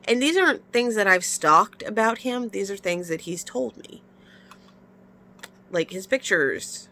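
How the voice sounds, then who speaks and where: In a confessional vlog, a woman talks openly and emotionally, sighing a lot, her nose congested from crying. Her lowish voice is creaky, pushed and bright.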